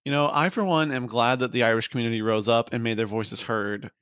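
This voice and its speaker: A man's voice: mid-range voice, steady tone, brisk, fairly bright tone, dry recording, studio quality. A man co-hosting a casual podcast, mock-earnest and giggly. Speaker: podcast co-host.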